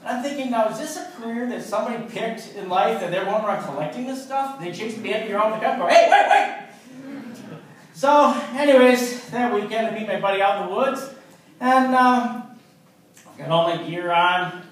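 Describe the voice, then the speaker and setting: A man's voice: high-pitched, lively intonation, a little fast, fairly bright tone. A man in his fifties performing a stand-up comedy set on a club stage, telling stories conversationally. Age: 50s. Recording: echoey club from far off.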